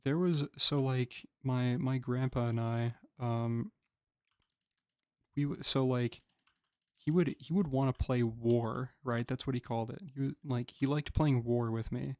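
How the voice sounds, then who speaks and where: A man's voice: mid-range voice, steady tone, a little slow, a little mellow, no echo. A young man chatting casually as a podcast co-host while gaming, laid-back, swearing and laughing easily. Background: keyboard and mouse clicks.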